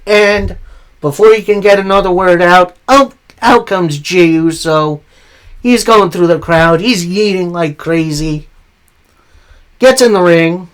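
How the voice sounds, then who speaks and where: Slow-talking man recapping wrestling casually. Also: sits high, a bit bright, clear, resonant tone. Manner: unhurried play-by-play retelling with frequent filler pauses. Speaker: wrestling show recap host.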